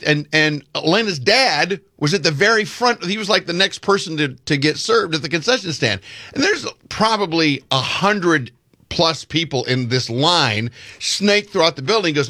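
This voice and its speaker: Recorded dry with clean studio sound, this podcast co-host has a fairly high voice and a normal pace. He spins a long story during a casual chat, animatedly acting out each bit of quoted dialogue.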